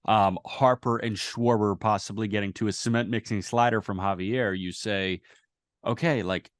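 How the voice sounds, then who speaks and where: A man's voice: lowish voice, no echo. A man co-hosting a casual sports podcast, talking loosely and sarcastically, swearing freely on a close mic. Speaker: podcast co-host.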